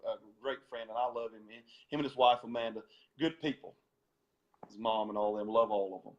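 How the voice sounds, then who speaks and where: A man's voice: lowish voice, normal speed, highs cut off. A man, a former gospel singer, tells stories as a guest in an interview, laughing often and repeating words as he goes. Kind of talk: storytelling interview.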